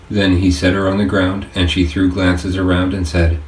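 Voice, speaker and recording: A man reading his own audiobook aloud, with earnest, measured scripted narration. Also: sits low, flat delivery. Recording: roomy distant-mic home recording with faint hiss.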